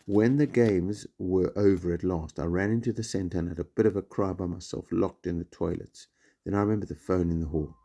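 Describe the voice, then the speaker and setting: Teacher guy reading a kids story out loud, low voice, husky and gravelly. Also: brisk. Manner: lively storytelling, voices for each character. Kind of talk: reading a children's book aloud.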